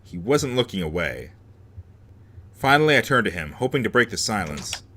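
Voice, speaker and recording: A man's voice: fairly low pitch, big pitch swings, normal speed, a bit bright. A man reading a visual novel aloud as host, dropping sarcastic asides between the lines of narration. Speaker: let's play host.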